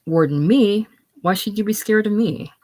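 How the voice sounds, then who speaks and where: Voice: medium pitch, normal speed, a little mellow, voice pushed up, natural voice. A drunken, bossy prison warden, as a reader does him. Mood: gruff. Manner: gruff, then purring.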